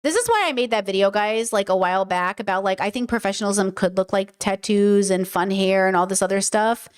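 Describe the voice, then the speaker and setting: A woman's voice: mid-range voice, brisk, clear, resonant tone. A woman hosting a casual livestream, ranting bluntly with frequent swearing and answering questions from chat. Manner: blunt, swears, rants heatedly. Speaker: streamer and podcast host.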